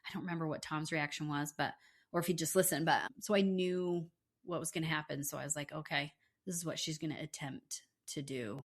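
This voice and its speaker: A woman co-hosting a podcast in casual chat, agreeable and quick with short replies. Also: deep voice, steady tone, breathy edge. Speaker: podcast co-host.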